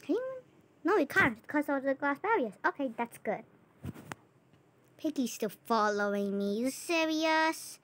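A woman with a high voice talks through a video game as she plays it, narrating each move. She is jumpy and easily rattled. She trails off and repeats herself. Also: lively intonation, measured pace, fairly bright tone. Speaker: gameplay channel host. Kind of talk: casual gameplay commentary.

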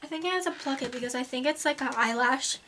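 A woman's voice: sits high, quick pace, pushed and bright, slight background noise. A woman of nineteen filming a casual vlog at home, sounding tired, swearing freely and cooing baby talk at her cat. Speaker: vlogger.

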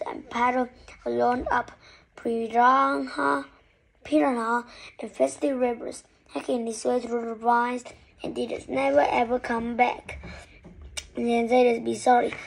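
A woman with a high, husky voice reads a children's story aloud expressively. She takes her time, letting each line land, with some gravel at the edges of her voice. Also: poor audio. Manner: expressive, lively reading. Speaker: storybook reader.

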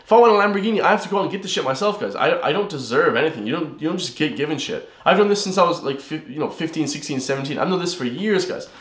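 A man's voice: a little high, lively intonation, rapid-fire, hardly any pauses, a bit bright. A young man giving a rambling, blunt motivational monologue to his viewers. He swears freely and keeps calling them "guys.". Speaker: fitness vlogger. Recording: roomy echo.

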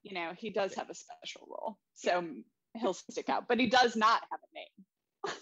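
A woman's voice: mid-range voice, fairly bright tone, husky, dry recording. A young adult woman co-hosting a podcast, joking playfully in casual chat. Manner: playful, joking, quick asides. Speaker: podcast co-host. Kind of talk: casual chat about a film.

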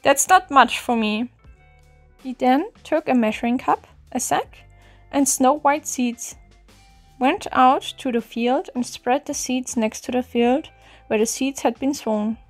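A woman narrating a fairy tale in a gentle, even storybook reading. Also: high-pitched, unhurried. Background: faint music.

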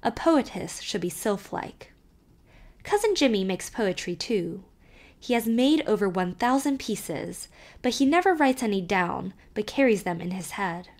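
A woman narrating an audiobook, reading a child's first-person letter aloud with expressive, varied delivery. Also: mid-range voice, a little slow.

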